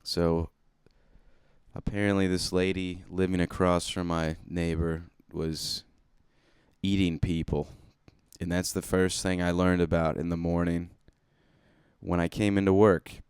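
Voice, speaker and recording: A man talks alone into his comedy podcast in a deep, low voice. His sound is crisp and smooth, close and dry. He rambles loosely, cursing and poking fun at himself. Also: flat delivery, unhurried, darkish tone, dry recording. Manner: rambling, self-deprecating and profane. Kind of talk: casual solo podcast monologue.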